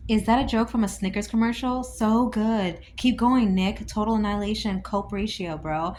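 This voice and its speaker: A woman's voice: mid-range voice, moderate pace, hardly any pauses, darkish tone, slight background noise. Chatty woman doing reaction commentary. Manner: chatty and amused, slangy asides. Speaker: commentator reacting to social media posts.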